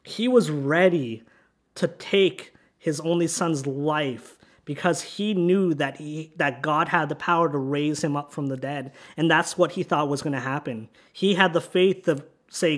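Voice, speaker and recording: A pastor preaching a sermon in a church sanctuary, reading scripture aloud in an earnest preaching manner. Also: male voice, on the high side, measured pace.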